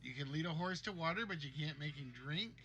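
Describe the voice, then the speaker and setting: Bright-voiced high-pitched male game show host. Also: fast, dull audio. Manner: jokey, reads guesses aloud. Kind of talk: livestream game show hosting.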